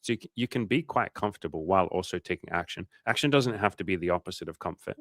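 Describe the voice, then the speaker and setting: A man's voice: low-pitched, quick pace, fairly bright tone, dry recording, studio quality. A young man casually chatting on a livestream as a coach, reading out comments, swearing freely and saying "like" a lot.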